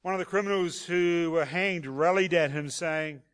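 Male pastor, higher register, walks the congregation through the text. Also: normal speed, a bit bright. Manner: expository preaching with rhetorical questions. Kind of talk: sermon.

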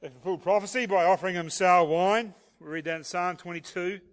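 A man's voice: high-pitched, steady tone, brisk. A man preaching an expository sermon and asking the congregation rhetorical questions. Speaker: pastor.

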